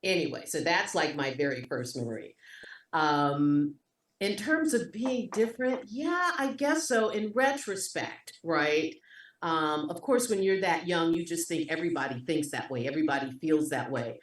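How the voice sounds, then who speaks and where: A woman with a New York accent, a guest actor, telling stories on a video call in a lively, expressive way. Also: low-pitched, moderate pace. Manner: lively, expressive, voice jumps up in animated moments. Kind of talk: conversational storytelling. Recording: echoey room, distant from mic.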